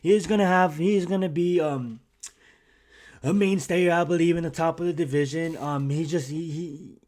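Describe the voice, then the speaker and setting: A young man hosting his own channel, chatting casually and excitedly about a fight, rambling with lots of fillers and restarts. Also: fairly high pitch, moderate pace. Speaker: YouTube channel host. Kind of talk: casual fight commentary vlog.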